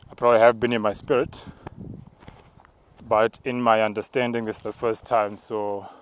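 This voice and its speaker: This apostle's low voice has a clear, resonant tone as he narrates a spiritual walk up a mountain path outside. His delivery is calm and steady, fairly level in pitch, and now and then he slips into tongues.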